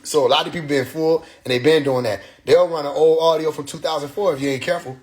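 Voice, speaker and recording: A man's voice: fairly high pitch, steady tone, fast talker. Rambling man livestreaming on his phone. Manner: loose, rambling, swears freely, slips into quoting others. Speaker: livestream host. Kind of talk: casual livestream monologue. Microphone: phone mic.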